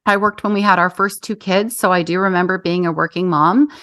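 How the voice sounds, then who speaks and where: A woman's voice: fairly low pitch, fairly even intonation, fairly quick, fairly bright tone, smooth, no room sound, studio quality. A woman in her thirties hosting an interview, telling a personal story in an earnest, conversational way. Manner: earnest storytelling, acts out quoted voices. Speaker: podcast host.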